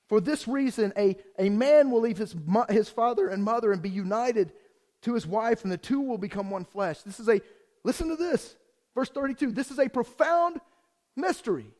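A male pastor with a voice that sits high delivers a lively sermon. He jokes with the congregation and moves quickly between reading and storytelling.

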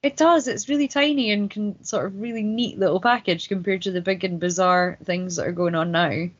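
A woman's voice: mid-range voice, no room sound. A woman hosting a podcast, chatting casually and wryly while watching along. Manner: chatty, quick asides, wry. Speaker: podcast host. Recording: dull lo-fi sound.

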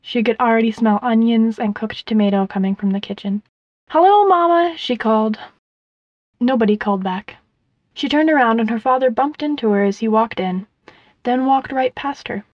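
Expressive woman reading a storybook. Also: on the high side, moderate pace, dry recording, highs cut off. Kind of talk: storybook narration.

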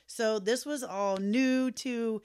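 A woman's voice: a little high, slow pace, smooth, no echo, studio quality. A woman hosting a podcast, chatting and telling a story with laughter. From rural American South. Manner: chatty, laughing, animated retelling of dialogue. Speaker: podcast host. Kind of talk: casual storytelling monologue.

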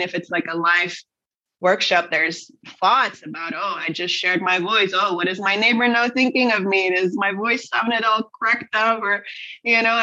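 A woman's voice: mid-range voice, pushed and bright, muffled recording. A woman guest who teaches voice work, talking earnestly and expressively in an interview, with many fillers and restarts. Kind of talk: conversational interview.

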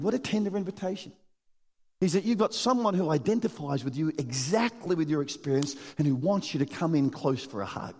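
A man preaching a sermon in a church hall, animated and laughing often as he acts out the people in his stories. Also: on the high side, fairly quick. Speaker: pastor. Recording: long hall reverb.

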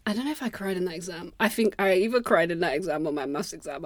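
A woman's voice: on the low side, fast talker, no echo. Young woman, podcast host, casual rambling monologue, self-deprecating and sweary, dead-dry close mic.

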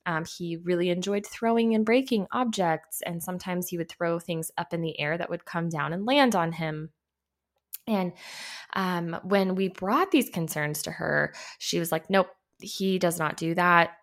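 A woman's voice: lowish voice, moderate pace. Chatty, self-deprecating woman behavior analyst. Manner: chatty, self-deprecating, laughs while talking. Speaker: podcast host and behavior analyst. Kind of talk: candid storytelling monologue.

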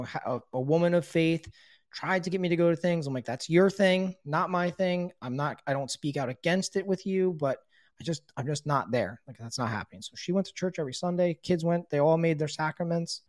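A man's voice: a little high, dry recording, clean studio sound. A middle-aged man casually telling the story of his own recovery, bluntly and with frequent swearing, acting out the dialogue he quotes.

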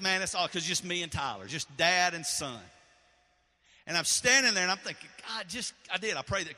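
Emotional pastor in echoey hall. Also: male voice, high voice, animated, brisk. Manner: emotional storytelling, swinging from loud to soft. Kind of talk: sermon.

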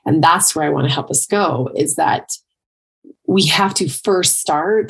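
Middle-aged woman coach, low husky voice with some fry, chatty motivational talk. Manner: conversational, with many "like" and "right?" asides. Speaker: triathlon and life coach. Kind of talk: motivational monologue.

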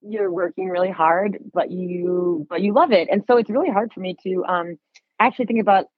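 A woman's voice: lowish voice, a little fast, no room sound. A woman photographer guest in a casual podcast interview, rambling, correcting herself and laughing as she talks, in a lodge bar booth. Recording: tinny, phone-like dry sound.

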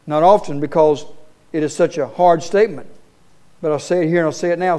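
A man with a notably high voice preaches to his congregation in a church. He is earnest and emphatic, leaning on rhetorical questions and deliberate pauses to drive each point home. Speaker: pastor. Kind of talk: sermon. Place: church sanctuary.

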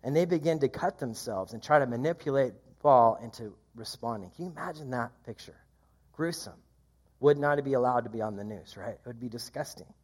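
A man preaching a sermon, reading scripture aloud and commenting in a conversational, lively way. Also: a little fast, breathy edge. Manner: lively, rises in pitch when quoting. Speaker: pastor.

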